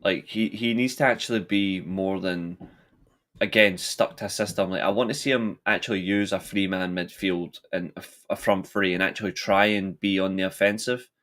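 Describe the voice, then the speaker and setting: A man's voice: low voice, steady tone, normal speed, a bit bright. A man co-hosting a casual football podcast, giving blunt, heated opinions. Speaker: podcast co-host.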